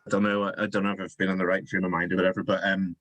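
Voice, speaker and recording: A man's voice: low-pitched, little pitch movement, rapid-fire, fairly bright tone, no room sound, low-quality recording. A man who is a guest author, chatting casually about books with many ums and hesitations. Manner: hesitant, lots of ums and likes. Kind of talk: casual chat.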